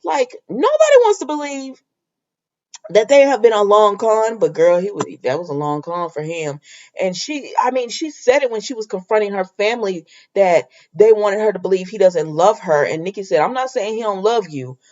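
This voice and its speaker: A woman's voice: medium pitch, expressive, moderate pace, darkish tone, muffled recording. A woman chatting casually as a soap opera recap vlogger, talking straight to her viewers and the characters. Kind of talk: casual chat.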